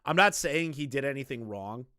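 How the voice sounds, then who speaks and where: Bright-voiced young man reacting to a video. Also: medium pitch, expressive, moderate pace, no echo, studio quality. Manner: casual, repetitive, swings between loud and muttering. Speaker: commentary streamer. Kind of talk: reaction commentary.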